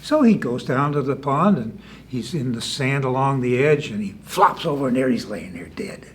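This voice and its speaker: A man's voice: medium pitch, expressive, moderate pace, a little hiss or hum. A man telling a folk tale in a folksy, conversational storytelling manner. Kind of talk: folk tale told to an audience.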